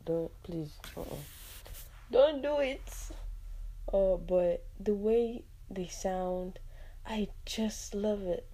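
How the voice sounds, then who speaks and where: A woman's voice: medium pitch, steady tone, takes it slowly, warm tone. A Nigerian woman hosting a podcast, talking casually and expressively on her own, with many "like" fillers and asides. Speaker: podcast host. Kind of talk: casual solo podcast talk.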